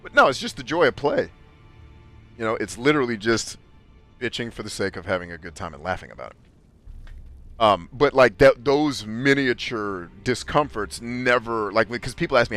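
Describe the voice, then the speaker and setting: A man's voice: on the low side, a little fast, a bit bright, faint music behind. A middle-aged man hosting a podcast, talking in a blunt, profane, emphatic way in casual chat. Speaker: podcast host.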